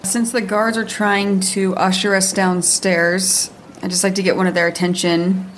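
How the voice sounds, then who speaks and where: Woman playing d&d, asks blunt questions, medium pitch, bit of hiss. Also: level tone, moderate pace. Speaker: player. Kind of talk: casual tabletop play.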